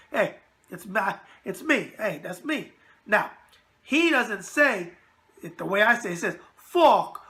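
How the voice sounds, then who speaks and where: A man's voice: high-pitched, creaky, pushed and bright. A man with a New York accent hosting a casual boxing mailbag show, brash and wisecracking. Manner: brash, wisecracking, catchphrase-heavy. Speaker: boxing web show host. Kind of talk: casual video mailbag talk.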